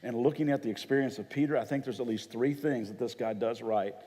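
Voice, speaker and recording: A man's voice: medium pitch, fast talker, dark tone. Man preaching a dramatic sermon in a hall. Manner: dramatic storytelling, acts out quoted voices. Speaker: pastor. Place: church hall.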